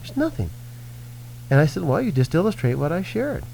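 Animated, earnest male Christian minister. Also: fairly high pitch, quick pace, gravelly, slight background noise, poor audio. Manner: earnest, animated preaching with acted-out quotes. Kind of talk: teaching in a radio-style conversation.

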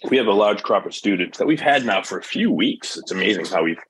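A man's voice: lowish voice, expressive, fast, a bit bright, breathy edge, no echo, rough recording. A man on a podcast panel, joking and laid-back as he introduces the students. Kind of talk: casual panel chat.

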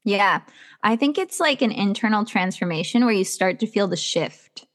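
A woman's voice: mid-range voice, expressive, moderate pace. A woman who works as a self-love coach, speaking as a podcast guest in an earnest, encouraging way with lots of "like" fillers. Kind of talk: casual podcast chat.

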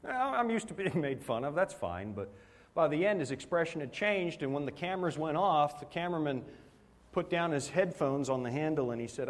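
A man's voice: medium pitch, moderate pace. A man preaching a sermon, telling a story with animation and laughing at himself along the way. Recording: hall with long reverb.

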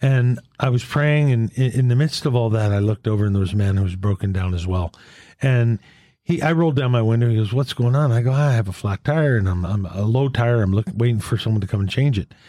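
A man's voice: mid-range voice, a little fast, no echo, studio quality. A man who leads a Catholic men's fellowship, sharing faith and retelling a roadside story with earnest conviction. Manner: earnest testimony, retelling dialogue in a lively back-and-forth.

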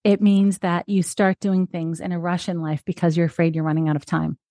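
A woman's voice: lowish voice, flat delivery, a little fast, dark tone, no echo, studio quality. A woman co-hosting a birth podcast in casual chat, chatty and easily sidetracked, laughing often. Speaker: podcast co-host, childbirth educator.

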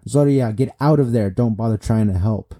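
A man reading the lines of a brutal, menacing male pirate emperor in his own dark voice, slow and low. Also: natural voice.

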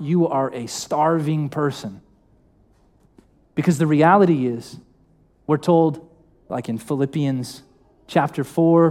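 A young man delivers a sermon in a church hall. His voice sits a little high, and his tone stays informal and conversational. He keeps putting questions to the congregation. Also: a little mellow. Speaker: preacher.

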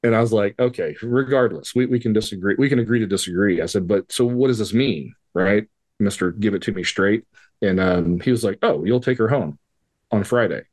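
His voice is lowish and a little mellow, and his delivery is brisk. As a podcast guest, he spins a personal anecdote in casual, profane language, performing quoted voices for the dialogue in a conversational storytelling way.

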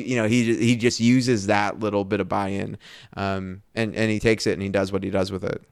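Guy on a bible podcast, low smooth voice, dry close mic, gets pretty animated thinking it through. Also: moderate pace, dry recording. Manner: animated, thinking aloud with restarts. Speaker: podcast co-host. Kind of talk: casual chat about scripture.

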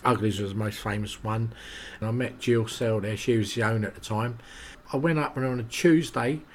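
A man, a podcast guest telling lively showbiz stories and quoting the people in them. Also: medium pitch, slight background noise. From England. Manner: animated anecdotes with quoted voices and laughs. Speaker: interview guest. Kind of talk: casual storytelling.

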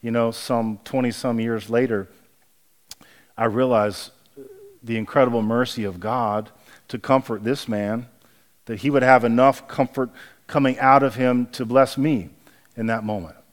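A pastor in his forties preaching a sermon, speaking hushed and halting through a painful memory, then rising and emphatic as he preaches. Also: mid-range voice, steady tone. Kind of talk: sermon with personal storytelling.

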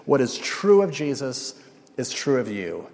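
A man's voice: medium pitch, big pitch swings, a little slow, vocal fry, darkish tone. A man preaching a sermon as pastor, emphatic, repeating key phrases and adding light humor. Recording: long reverb of a large hall.

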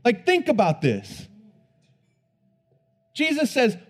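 A man preaching a sermon who swings between hushed, low emphasis and loud, emphatic bursts, repeating words as he builds each point. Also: huge pitch swings, takes it slowly.

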